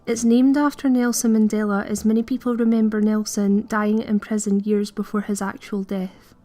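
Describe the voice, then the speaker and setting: A woman's voice: mid-range voice, level tone, moderate pace, mellow, soft background music. A woman, reading scripted narration in an earnest, puzzled way. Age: early 20s. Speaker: video creator.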